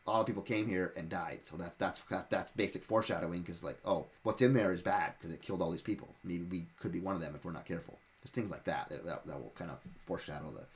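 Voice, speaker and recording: A man's voice: sits low, quick pace, hardly any pauses. A man in casual talk sharing advice as a dungeon master, rambling and often repeating and restarting his words.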